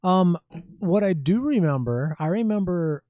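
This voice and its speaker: A man, a musician guest on a podcast, telling stories in casual chat with many pauses and restarts. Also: sits high, expressive, warm tone, no room sound. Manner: halting, many ums and restarts.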